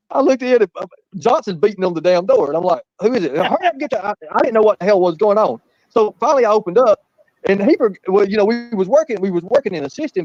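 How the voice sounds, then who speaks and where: Casting: man, rapid storyteller, dry muffled sound. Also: high-pitched, darkish tone, dry recording. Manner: rambling, laughing, profane anecdotes. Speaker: guest storyteller. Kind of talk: casual storytelling. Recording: muffled lo-fi audio.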